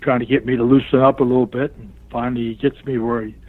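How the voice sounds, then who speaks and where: An older man recounts a story in a relaxed interview. He acts out the voices of the people in it and keeps breaking into laughter. His voice comes through thin and tinny, as if over a phone line. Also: medium pitch, fast talker. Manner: animated storyteller who acts out the other people's lines; laughs often while telling the story. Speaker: wrestling guest telling a story. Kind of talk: casual anecdote in a remote interview.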